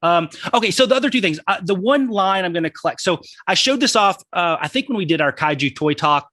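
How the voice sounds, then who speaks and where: A man's voice: high voice, expressive, fast talker, pushed and bright, no room sound. A man with a Texan accent, co-hosting a podcast in casual, enthusiastic chat about collectibles and laughing often. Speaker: podcast co-host.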